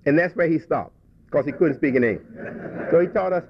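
Speaking briskly in a fairly high voice, a man shares a folksy childhood story with his congregation, often restarting his sentences. The reflective sermon comes through a dull, dry, lo-fi recording.

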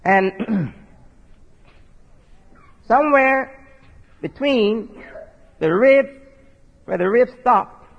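With an extremely high pitch, this expressive preacher speaks extremely slowly, using vocal fry and pausing often. He teaches folksily, spelling out words, checking in with his listeners and adding rhetorical asides that end with "right?". The audio is dull, lo-fi and drenched in long hall reverb.

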